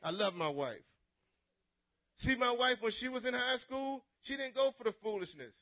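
A man preaching an energetic call-and-response sermon to teenagers as youth pastor, telling stories dramatically. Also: very high voice, moderate pace, dry recording. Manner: dramatic storytelling, swings from loud to hushed. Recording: dull lo-fi sermon recording.

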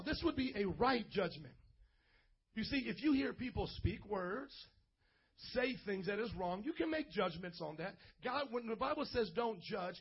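A man preaching a lively sermon as a pastor, playful, calling for responses and acting out little scenes. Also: extremely high pitch, slightly rough. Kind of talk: energetic sermon to youth. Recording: dull lo-fi recording.

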